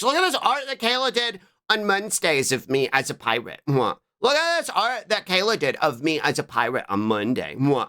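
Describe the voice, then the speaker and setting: A man's voice: mid-range voice, very animated, moderate pace, bright, forceful tone. A man streaming live, chatting casually, rambling and repeating himself as he answers chat.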